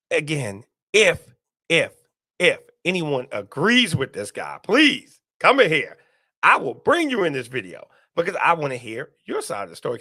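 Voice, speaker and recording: Male live-stream host, bright gravelly voice, animated delivery, dry close sound. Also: mid-range voice, no room sound. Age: adult, parent. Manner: animated, repeats himself, reads viewer comments aloud. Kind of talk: casual live-stream commentary.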